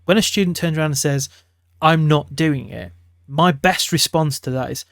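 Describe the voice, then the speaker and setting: A man's voice: fairly high pitch, moderate pace, vocal fry, no room sound, studio quality. A middle-aged man, a teacher giving classroom advice in a casual talk to camera, chatty and acting out quotes from teachers and students.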